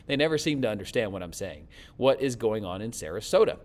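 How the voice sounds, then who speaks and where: A man's voice: on the low side, very animated, fairly quick. Chatty friendly male weather forecaster. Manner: friendly, chatty, thanks viewers often. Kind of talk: casual forecast and reading viewer comments.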